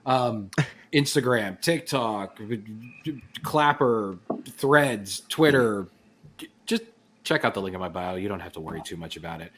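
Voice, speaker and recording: A man's voice: on the low side, lively intonation, a little slow, a bit bright. A man who is a guest on a podcast, joking and self-deprecating with a rambling way of talking. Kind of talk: casual podcast chat. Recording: faint background noise.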